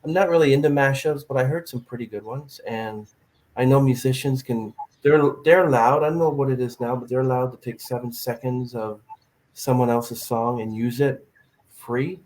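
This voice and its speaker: Guy hosting a podcast, rambly and animated, mid-pitched voice, acts out little stories. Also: moderate pace, poor audio. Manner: animated storyteller, acts out quotes. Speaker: podcast host. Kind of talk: casual chat.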